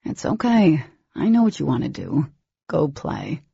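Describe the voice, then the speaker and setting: A woman voicing a teasing, cocky young male boyfriend in an audiobook, with a slow, low drawl. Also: big pitch swings, vocal fry, mellow, breathy edge, no echo, dull audio, heavily acted. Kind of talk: audiobook character voice.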